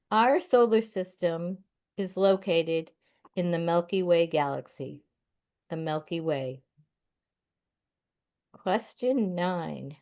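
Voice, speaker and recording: A woman hosting a library trivia night, reading out questions and their answers in a deliberate way. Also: fairly low pitch, darkish tone. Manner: slow, deliberate, announces each question number. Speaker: trivia quiz host. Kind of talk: reading quiz answers aloud.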